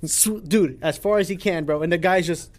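A man co-hosting a podcast, telling stories in an excitable, slangy way. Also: sits high, moderate pace. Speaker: podcast co-host. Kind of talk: casual chat.

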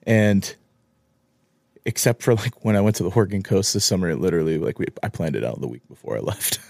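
An easygoing man in his thirties talks briskly in a casual podcast chat, laughing often. His voice sits low and the recording is dry and close. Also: sing-song, vocal fry, a little mellow, dry recording. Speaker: podcast co-host.

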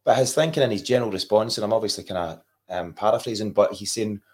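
A man hosting a casual football podcast, asking his guests questions. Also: fairly low pitch. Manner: quick, animated, asks questions. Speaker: podcast host.

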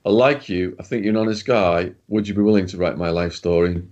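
A man's voice: low voice, brisk, darkish tone, lo-fi sound, lightly acted. A man voicing a shrewd, courteous old mafia convict. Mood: earnest.

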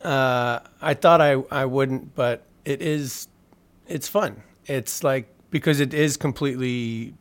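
A man's voice: mid-range voice, slow, clean tone. A man, an electronic musician, chatting casually as an interview guest, rambling with lots of fillers and self-deprecating humor.

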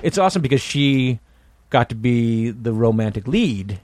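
A man's voice: medium pitch, expressive, normal speed, a little mellow, no room sound. A man co-hosting a podcast, chatting casually in an eager, chatty way and swearing freely. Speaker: podcast co-host.

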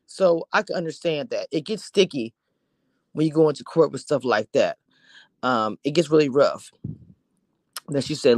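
A woman's voice: sits low, expressive, measured pace, a little mellow, no echo. Woman TV reviewer, casual and chatty, slips into whispers for emphasis, dry close recording. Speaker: TV show reviewer. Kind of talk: casual episode recap.

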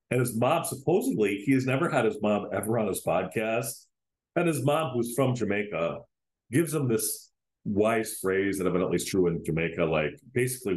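Animated opinionated male podcast host. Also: medium pitch, echoey room, rough recording. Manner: opinionated, hedges with "in my humble opinion". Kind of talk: opinionated solo commentary.

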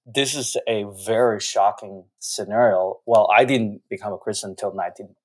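A man's voice: on the low side, normal speed, breathy edge. A man, giving earnest, reflective interview answers with frequent restarts. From China.

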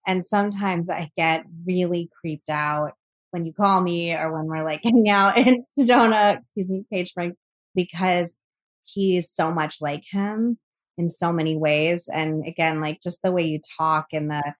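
Earnest, reflective woman, slightly low voice. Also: steady tone. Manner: earnest, reflective, quick to laugh. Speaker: podcast guest. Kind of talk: candid conversational interview.

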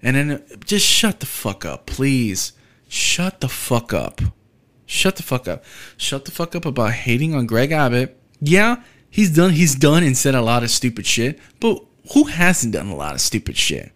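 A man's voice: medium pitch, very animated, measured pace, fairly bright tone. A young man from Texas hosting a podcast, delivering a blunt, profane solo rant. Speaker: podcast host.

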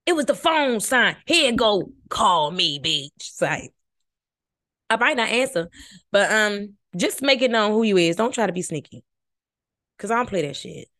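A woman's voice: medium pitch, lively intonation, normal speed, long pauses, a bit bright. A woman hosting a podcast, giving casual, brash and profane commentary on a reality show, sleepy late at night.

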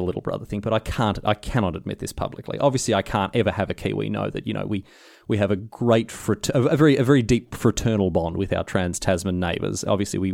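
Aussie guy on a podcast, low voice that bounces all over, dry close sound, teasing ramble. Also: darkish tone, no echo. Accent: Australian. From Australia. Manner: rambling, teasing, self-interrupting. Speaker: podcast host answering listener questions. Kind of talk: casual chat.

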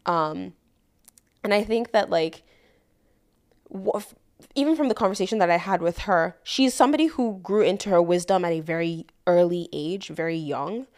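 A woman's voice: on the low side, normal speed, a little mellow. A woman co-hosting a podcast, talking earnestly and thoughtfully in casual chat, often with "like" as filler. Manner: earnest, reflective, peppers speech with "like". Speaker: podcast co-host.

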